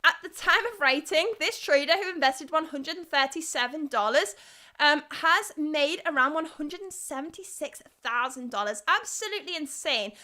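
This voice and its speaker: A woman's voice: sits high, pushed and bright. A young woman with a Liverpool accent hosting a live crypto news stream, chatty and reading viewer comments aloud. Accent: Liverpool (Scouse). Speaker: livestream host.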